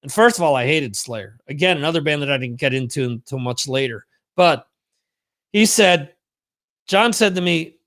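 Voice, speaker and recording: A man's voice: high voice, lively intonation, moderate pace, a bit bright. A man hosting a livestream, talking in a chatty, rambling, profane way. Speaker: livestream host. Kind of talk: casual livestream monologue.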